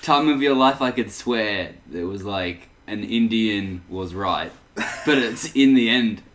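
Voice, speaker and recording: Low-voiced rambling man. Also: expressive, takes it slowly, fairly bright tone, slight background noise. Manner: rambling, self-deprecating. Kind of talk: casual chat.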